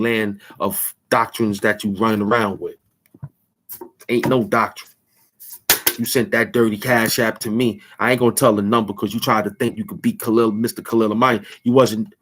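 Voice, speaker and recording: There's slight background noise as a medium-pitched man, the host of his own channel, rants at the camera. He rambles on, trash-talking, taunting and bragging.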